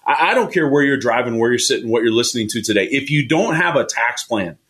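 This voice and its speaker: A man's voice: mid-range voice, animated, fast talker, fairly bright tone. A man hosting a weekend radio finance show, talking with passion and pushing listeners to call in. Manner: passionate, pushy, repeats phone number. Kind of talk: energetic sales talk on radio.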